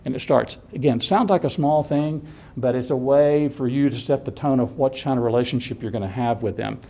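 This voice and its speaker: A man's voice: mid-range voice, brisk, mellow. A man presenting a workshop to college instructors, talking casually and laughing often while acting out students' questions. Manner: conversational, chuckles often, acts out student questions.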